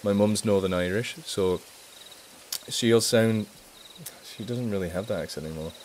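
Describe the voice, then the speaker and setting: A man with a mixed northern English accent hosts a casual live stream Q&A in a fairly low voice. He chats eagerly about animals and swears without a second thought. A faint noise sits under the recording. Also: normal speed, a little mellow. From England. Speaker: charity live stream host.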